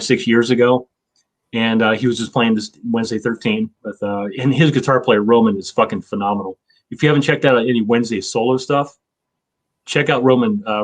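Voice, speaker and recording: A man in his fifties, hosting a casual chat, rambling with lots of fillers and swearing. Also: lowish voice. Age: 50s. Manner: rambling, profane, with many fillers. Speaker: show host.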